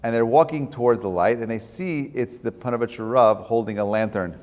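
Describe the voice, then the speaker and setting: A man's voice: mid-range voice, moderate pace, a little mellow. A man, a rabbi, giving an informal class and telling stories in a conversational way, often tagging his points with "right?" and "okay?". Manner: conversational, many fillers and tag questions. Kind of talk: informal lecture with storytelling. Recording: long hall reverb.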